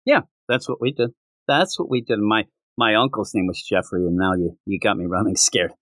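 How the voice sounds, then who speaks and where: A man co-hosting a casual comic book podcast, animated and laughing as he acts out characters. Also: lowish voice, moderate pace, no echo. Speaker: podcast co-host.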